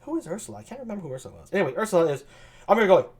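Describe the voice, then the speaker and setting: A man's voice: sits high, very animated, racing, a little mellow. Chatty man on a live stream. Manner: chatty, self-deprecating, hesitant. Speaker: streamer reading a play. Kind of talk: casual live-stream reading.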